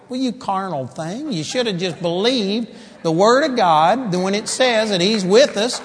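A high-pitched man delivers an animated sermon, swinging between loud exclamations and quiet asides. His voice rings with a long reverb that trails through the hall. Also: unhurried. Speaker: preacher. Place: church hall.

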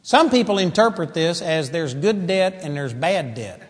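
A man preaching a sermon in a church hall, animated, moving from loud exclamations to quiet asides. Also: on the high side, normal speed. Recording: long hall reverb.

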